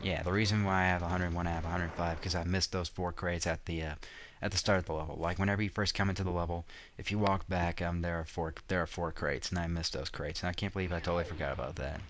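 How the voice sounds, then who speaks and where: A man's voice: deep voice, steady tone, quick pace, few pauses, a bit bright, a little hiss or hum. A young man casually commenting on his own gameplay, rambling with lots of fillers and restarts and some crude words. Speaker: let's play commentator. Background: game music.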